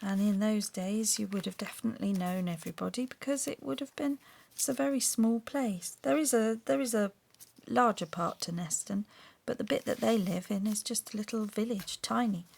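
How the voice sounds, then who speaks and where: A middle-aged woman with a Surrey and Sussex English accent, talking softly and often half-whispering as she narrates a craft journal video and reads aloud. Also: medium pitch, moderate pace, gravelly. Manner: soft-spoken, often drifting into a half-whisper. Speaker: craft vlogger.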